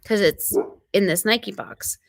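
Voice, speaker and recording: A woman hosting a ranch live stream, telling a story in an animated, quick way and acting out what people said. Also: mid-range voice, creaky, dry recording. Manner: animated, quick retelling with acted-out quotes. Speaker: ranch channel host.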